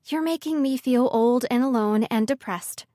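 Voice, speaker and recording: A woman voicing a lively dramatic woman in her thirties. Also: on the high side, moderate pace, no echo, studio quality, voice pushed up, natural voice. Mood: exasperated. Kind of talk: audiobook character voice.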